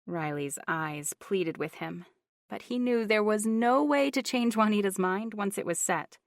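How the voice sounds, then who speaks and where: A woman narrating a romance audiobook in a steady, even storytelling manner. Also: mid-range voice, a little slow, dry recording, clean studio sound. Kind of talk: scripted narration.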